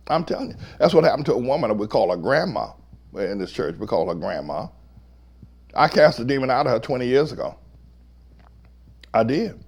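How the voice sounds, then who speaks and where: Preaching pastor, shouts ringing through a hall. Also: male voice, mid-range voice, very animated, fairly quick, pauses often, slightly rough. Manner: preaching with sudden shouts and long drops. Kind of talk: sermon.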